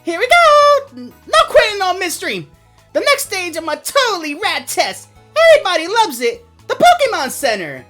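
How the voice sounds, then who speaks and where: Man doing a bubbly game girl streamer, pinched falsetto, very high, swooping wildly up and down. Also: wildly swooping pitch, normal speed, pushed and bright, soft background music, exaggerated voice. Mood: peppy teasing. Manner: peppy, teasing, brash. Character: bubbly female streamer gym leader. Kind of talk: video game voice-over.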